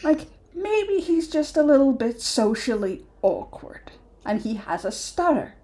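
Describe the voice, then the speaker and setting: Woman doing a gruff older dwarf lady. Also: medium pitch, drawn-out words, mellow. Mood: exasperated. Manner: brusque, snappy, swearing. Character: gruff older female dwarf with a braided beard.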